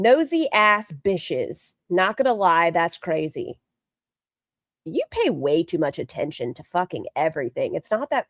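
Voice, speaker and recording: A woman's voice: medium pitch, no room sound. A woman streaming live, chatting casually, swearing freely and answering her chat while reacting to a video. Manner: chatty, profane, reads chat aloud.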